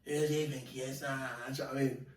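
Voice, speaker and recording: A man casually telling animated, slangy stories of fights and bouncer work, laughing often. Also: medium pitch, very fast. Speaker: podcast guest. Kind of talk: casual storytelling. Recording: echoey room, mic far off, faint noise.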